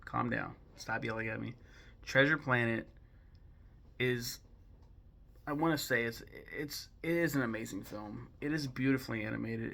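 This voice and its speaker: A man's voice: mid-range voice, vocal fry, pushed and bright, slightly rough. A young man ranking films in a chatty, digressive way, full of ums and self-corrections. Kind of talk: casual opinionated commentary.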